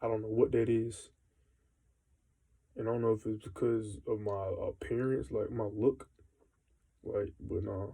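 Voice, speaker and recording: A young man rambles through a frustrated, slang-heavy rant, swearing freely as he talks straight to the camera. His voice is very dark and gravelly, with a husky edge. His pitch sits in the middle range for a man. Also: low-quality recording. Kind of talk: casual venting monologue.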